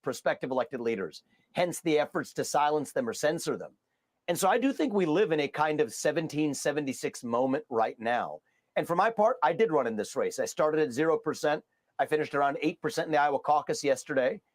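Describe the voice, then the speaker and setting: A male politician answering an interview in a measured, formal, speechlike way. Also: on the high side, expressive.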